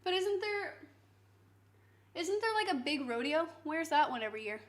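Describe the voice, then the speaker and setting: A woman with a bright, high voice hosts a relaxed cooking stream. She chats playfully with her viewers, teasing them in an easygoing way. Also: normal speed. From Canada. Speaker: live streamer. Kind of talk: casual chat with viewers while cooking.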